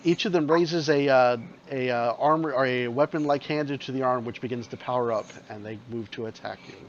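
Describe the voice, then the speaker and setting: A man's voice: medium pitch, a little fast, slight background noise. A man running a tabletop game as game master, describing scenes and calling for rolls. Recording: dull lo-fi sound.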